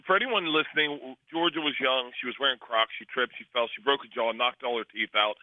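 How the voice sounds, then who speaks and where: A man comedian tells stories in a quick, animated rush and laughs often. He calls in over a thin, phone-like line with no room sound. His voice sits at an ordinary middle pitch. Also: no echo. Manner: fast storyteller, acts out voices, laughs often. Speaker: comedian guest. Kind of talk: animated storytelling.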